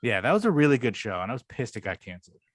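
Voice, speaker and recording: A man's voice: big pitch swings, rapid-fire, no room sound, clean studio sound. Rambling, profane male podcast co-host. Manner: rambling, profane, acts out quotes in a higher voice. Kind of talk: casual chat.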